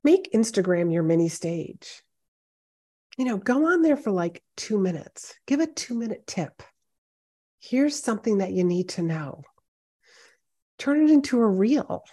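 Recording in her high-ceilinged, hardwood-floored home office, this speaking coach delivers a solo podcast pep talk directly to the listener. Her mid-range voice is warm and very animated, measured in pace, with frequent pauses. The tone stays encouraging and conversational.

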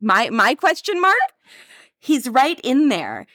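A woman's voice: high voice, wildly swooping pitch, slow pace, a bit bright, no room sound, studio quality. A woman co-hosting a casual podcast chat, reading out quotes with wry, playful commentary. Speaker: podcast co-host. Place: Paris.

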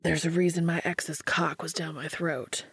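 A woman reading a fan fiction audiobook, voicing a bold, playful young man in a soft, husky half-whisper. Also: sits low, level tone, moderate pace, no room sound, clean studio sound, heavily acted.

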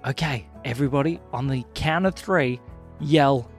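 Man playing a sly schoolgirl, hushed, plotting. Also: mid-range voice, moderate pace, faint music behind, voice pushed down, lightly acted. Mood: scheming. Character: calm, clever schoolgirl.

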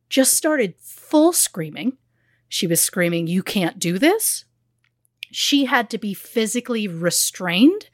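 A woman's voice: mid-range voice, no echo, studio quality. A woman co-hosting a podcast, telling a true crime story in a blunt, conversational way with small fillers. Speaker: podcast co-host.

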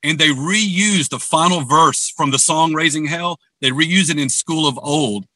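A man's voice: a little high, a little slow, sharp tone, no room sound. A man co-hosting a casual music podcast, sharing facts in a chatty, informative way. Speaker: podcast co-host. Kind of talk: casual chat.

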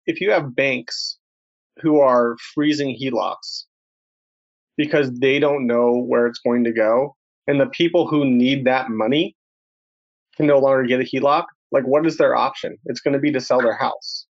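A man makes his case on a panel at a measured pace, building it step by step. His pitch is ordinary. The audio is dull and lo-fi. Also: steady tone. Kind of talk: casual panel chat.

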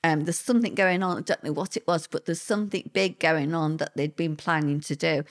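A woman's voice: deep voice, brisk. A woman, answering interview questions with plain-spoken, vivid personal recollection.

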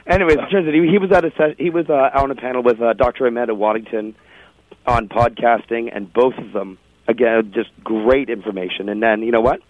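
A man's voice: mid-range voice, fairly even intonation, a little fast, no room sound. Chatty male radio host on a tinny line. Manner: chatty, laughing, self-interrupting. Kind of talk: casual radio chat, storytelling. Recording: tinny phone-like radio audio.

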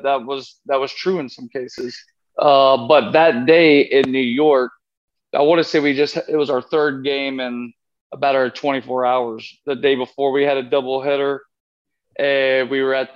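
Man telling a rambling story, lo-fi. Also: medium pitch. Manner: rambling anecdote, acting out quoted lines. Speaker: interview guest. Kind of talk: casual storytelling interview.

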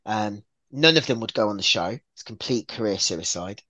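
A man's voice: lowish voice, moderate pace, no room sound. A man from England, a guest on a podcast, chatting casually and telling stories with lots of stammers and restarts. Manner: lively storyteller, stammers and restarts.

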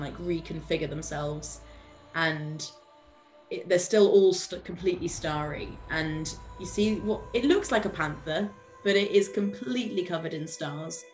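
A British woman playing in a tabletop game, describing her character's moves in an animated way and often laughing. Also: lowish voice, rough recording. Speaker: player.

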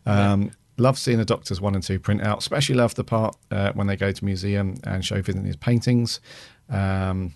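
A man co-hosting a podcast, reading listener reviews aloud in a relaxed way with frequent fillers. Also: lowish voice, gravelly, dry recording. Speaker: podcast co-host.

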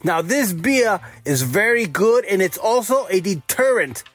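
A goofy Aussie-cousin caller, as a man puts him on, drawls through a rambling voicemail in a put-on Australian accent. The voice is husky and slow, and it swoops up and down. Faint music plays behind him. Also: sits high, lively intonation, fairly bright tone, full character voice. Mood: hammy. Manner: rambling, playful, drawn out.

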